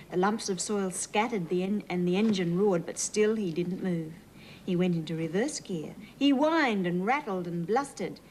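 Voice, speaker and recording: An Australian woman reading a storybook to young children, gentle and sing-song as a children's TV host. Her voice sits at an ordinary pitch, and a faint hiss runs behind her. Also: normal speed, poor audio.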